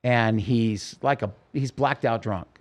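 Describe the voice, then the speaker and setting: Slow and mid-range in voice, this podcast host shares his personal story as an interview guest. He relays it with urgency and vivid detail, voicing other people's words and frequently starting over.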